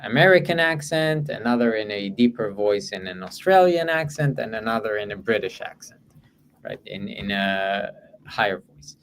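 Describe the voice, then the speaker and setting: A man's voice: fairly low pitch, slight background noise. A man presenting in an online webinar, answering audience questions in a hesitant way with many fillers and restarts. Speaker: guest presenter.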